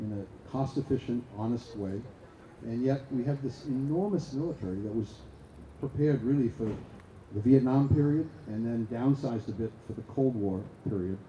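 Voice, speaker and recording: Older Boston man, dark roomy voice. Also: mid-range voice, highs cut off, a little hiss or hum. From Boston area. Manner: rambling, with many fillers and restarts. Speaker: conference speaker. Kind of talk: conference talk. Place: lecture hall. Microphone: stand microphone. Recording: roomy hall, faint ambience.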